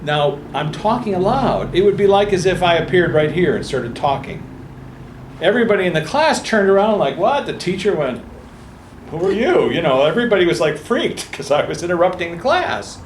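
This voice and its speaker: Telling a personal story at a book talk, this man performs the voices of the people in it for an audience in a meeting room. He sounds high, expressive and a little fast. There's slight background noise, and the room echoes with faint ambience.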